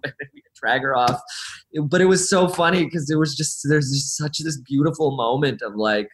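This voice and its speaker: A young man chats as a guest and tells a story with lots of energy and frequent laughs. His voice is bright and forward. The room adds a clear echo. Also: fairly high pitch, a little fast. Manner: animated storyteller, laughs often. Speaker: actor guest. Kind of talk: casual interview chat.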